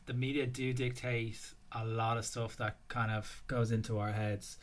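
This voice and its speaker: A man's voice: medium pitch, flat delivery, normal speed. An Irish man hosting a fitness podcast, talking bluntly and casually, with the odd swear. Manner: blunt and sweary, level delivery. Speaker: podcast host.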